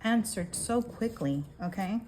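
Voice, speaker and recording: A woman's voice: mid-range voice, expressive, a little slow, darkish tone, a little hiss or hum. A woman giving a casual tarot reading, talking emphatically, swearing and often checking in with "okay?". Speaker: tarot reader.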